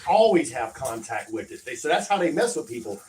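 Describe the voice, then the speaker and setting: A man's voice: medium pitch, very animated, fairly quick, darkish tone. A man in a casual conversation, earnestly explaining ideas about spirits and energy fields. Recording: distant mic with faint noise.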